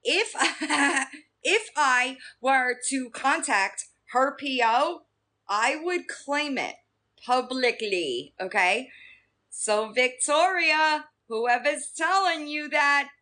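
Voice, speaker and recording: A woman's voice: high voice, takes it slowly. A woman from Staten Island with a New York accent, chatting casually with viewers on a live stream and laughing often. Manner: talks straight to chat, lively, laughs often.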